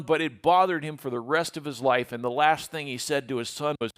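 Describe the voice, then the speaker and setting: A man with a somewhat high voice teaches from the Bible. He has a relaxed, folksy delivery and mixes plain modern phrasing with read-aloud verses in older English. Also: brisk, hardly any pauses. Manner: folksy, retells scripture in everyday words, reads King James verses aloud.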